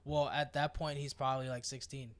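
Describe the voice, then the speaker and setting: A man's voice: mid-range voice, flat delivery, fairly quick. A man co-hosting a podcast in casual chat, explaining show lore with many hesitations. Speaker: podcast co-host.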